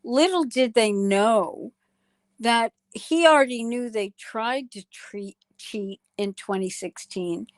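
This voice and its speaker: A woman, a psychologist guest on a talk show, speaking in a slow, deliberate way with emphatic pauses. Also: a little high, no echo. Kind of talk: political talk show conversation.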